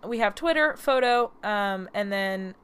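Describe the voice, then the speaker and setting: A woman's voice: medium pitch, expressive, unhurried, fairly bright tone, smooth. A young woman hosting a podcast with a slight lisp from a retainer, telling stories in a chatty, rambling way and laughing often. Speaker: podcast host. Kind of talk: casual storytelling.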